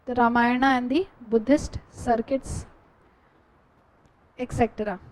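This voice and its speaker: High-voiced Indian woman dictating notes. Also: steady tone, a little mellow, low-quality recording. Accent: Indian English. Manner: slow dictation, repeating each phrase. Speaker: teacher.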